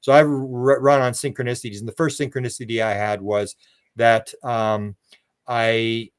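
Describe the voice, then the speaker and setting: A man's voice: medium pitch, level tone, normal speed, smooth. Older man telling rambling stories. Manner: rambling, repeats words, acts out quoted voices. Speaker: guest, UFO researcher. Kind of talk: casual storytelling interview.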